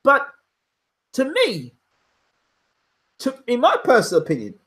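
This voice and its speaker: A man's voice: very high voice, wildly swooping pitch, unhurried, a bit bright. A man hosting casual live boxing commentary, opinionated and emphatic, repeating his points. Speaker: boxing pundit and channel host. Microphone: home microphone, audio only.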